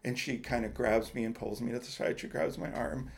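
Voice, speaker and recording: Guy on a podcast rambling through a story, lots of false starts, ordinary middle pitch. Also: little pitch movement, vocal fry. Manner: rambling, halting storytelling with many restarts. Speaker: podcast co-host. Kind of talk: casual chat, personal story.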